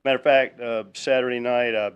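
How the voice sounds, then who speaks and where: A man speaking at a town council public hearing, relaxed and folksy, with many ums. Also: medium pitch, brisk, clear, resonant tone. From Virginia, US. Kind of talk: public comment at a council meeting.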